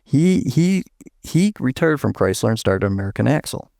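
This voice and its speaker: A man's voice: medium pitch, big pitch swings, normal speed, creaky, darkish tone, no echo, clean studio sound. An older man, a retired engineer, telling rambling anecdotes in an interview. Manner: rambling anecdotes with restarts and laughs. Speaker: guest, retired chief engineer. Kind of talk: storytelling interview.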